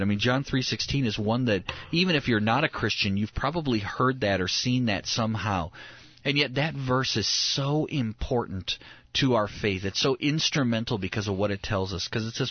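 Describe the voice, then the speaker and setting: A man's voice: on the low side, dry recording, lo-fi sound. A man preaching on a radio talk show, earnest and emphatic, repeating his key words.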